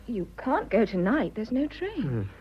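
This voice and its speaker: A woman's voice: a little high, huge pitch swings, unhurried, breathy edge, heavily acted. An English actress playing an affectionate, teasing young wealthy woman, in 1940s radio acting. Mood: tender, teasing. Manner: tender, teasing. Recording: dull old radio broadcast with faint hiss.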